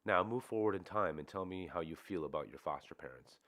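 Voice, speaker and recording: A man reading the part of a calm male hypnotherapist, asking steady, guiding questions. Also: low voice, a little fast.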